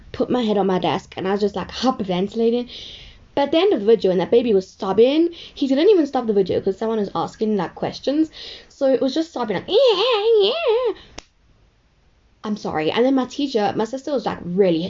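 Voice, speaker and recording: A woman's voice: medium pitch, lively intonation, fast talker, mellow, muffled recording. A woman telling a rambling, chatty story full of "like". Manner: rambling, chatty, heavy use of "like". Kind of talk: casual storytelling.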